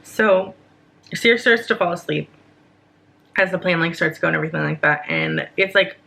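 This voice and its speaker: Young woman, bright tone, lowish voice, casual storytime, animated, swears a lot. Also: moderate pace, vocal fry. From United States. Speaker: vlogger.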